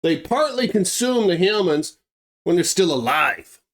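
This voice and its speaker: A man's voice: sits high, very animated, measured pace. Emphatic male storyteller. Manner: emphatic, blunt, conversational. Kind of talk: dramatic true-story narration.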